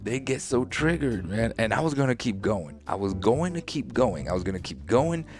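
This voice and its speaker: A man's voice: fairly low pitch, very animated, normal speed, soft background music. A man hosting a casual podcast, telling a story at an easy pace and reading old posts aloud with a chuckle. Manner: laid-back storytelling, reading out tweets with amused laughs. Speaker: podcast host.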